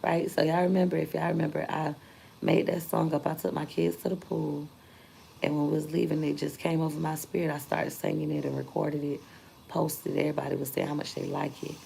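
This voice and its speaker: A woman's voice: deep voice, level tone, brisk, gravelly, dark tone, a little hiss or hum, low-quality recording. A young woman, telling her story candidly and emphatically to her viewers in a casual vlog. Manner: candid, emphatic, repeats points for force. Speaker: vlogger.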